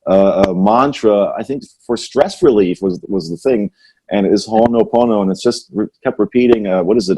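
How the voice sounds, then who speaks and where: A podcast host with a lowish, dark, slightly rough voice talks a little fast. His casual chat rambles as he muses, and he often tags his points with "right?"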